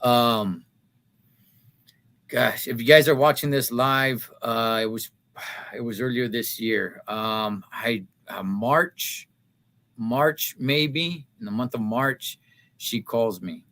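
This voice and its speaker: A man with a mid-range voice hosts a live talk stream, casual and heartfelt. He halts often, using many fillers and restarts, and drops to a soft voice.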